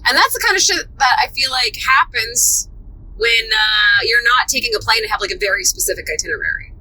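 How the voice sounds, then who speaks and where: A woman's voice: a little high, big pitch swings, fairly quick, pushed and bright, a little hiss or hum, rough recording. A woman co-hosting a podcast, telling stories expressively and laughing often from inside a moving car. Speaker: podcast co-host. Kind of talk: casual chat.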